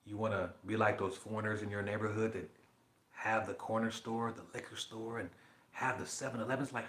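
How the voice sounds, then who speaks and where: A man with a lowish but bright, forceful voice, swearing freely as he reads aloud and riffs. His voice bounces around an echoey room. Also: a little fast. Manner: profane, animated, riffing between read passages. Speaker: podcast host. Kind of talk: casual monologue reading aloud.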